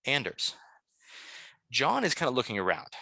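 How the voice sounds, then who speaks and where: A man's voice: medium pitch, huge pitch swings, moderate pace, vocal fry, bright, forceful tone, no echo, studio quality. A man running a tabletop game as game master, talking in a loose, rambling way with many fillers.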